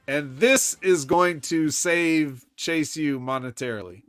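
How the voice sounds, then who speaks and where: A man's voice: a little high, slow, a bit bright, clear, resonant tone, no room sound, faint music behind. A man co-hosting a podcast, chatting casually with a dry, sarcastic manner. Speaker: podcast co-host. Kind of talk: casual wrestling banter.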